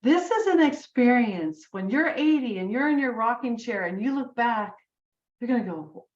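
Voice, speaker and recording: A woman's voice: fairly high pitch, lively intonation, moderate pace, a little mellow, echoey room, dull audio. A woman in her sixties giving an urging motivational talk, repeating phrases for emphasis. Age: 60s. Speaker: business team leader. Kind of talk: motivational speech on a group call.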